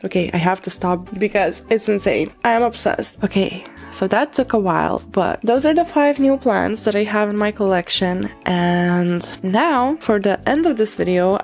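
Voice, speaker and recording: A young adult woman vlogging casually to camera, talking in an excitable, rambling, gushing way. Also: mid-range voice. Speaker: plant vlogger.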